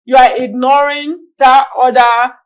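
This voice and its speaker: High-pitched woman, animated. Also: unhurried, clear, resonant tone, highs cut off. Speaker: speech-language pathologist guest. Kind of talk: TV talk show interview.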